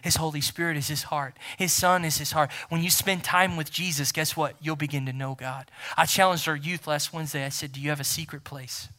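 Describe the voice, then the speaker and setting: Bright-voiced man preaching emphatically. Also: a little high, steady tone, brisk, few pauses. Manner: emphatic, repeats key phrases, swings from loud to near-whisper. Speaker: pastor. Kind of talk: sermon.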